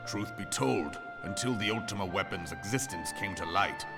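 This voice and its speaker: An actor playing a grave, learned male elder in a game cutscene, speaking in formal archaic phrasing with a measured delivery. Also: low-pitched, lively intonation, loud music behind the voice. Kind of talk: video game cutscene voice acting.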